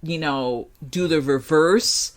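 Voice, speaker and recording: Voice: mid-range voice, slow pace. A podcast co-host in casual movie talk, swearing freely, laughing often and talking with lots of "like".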